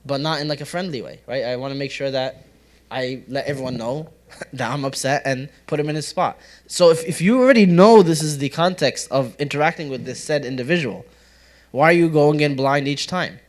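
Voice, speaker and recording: A young man teaching a casual, interactive study circle in a community center classroom, asking the audience questions and joking with them. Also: fairly high pitch. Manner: conversational, asks the audience questions, jokes and laughs. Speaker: religious teacher.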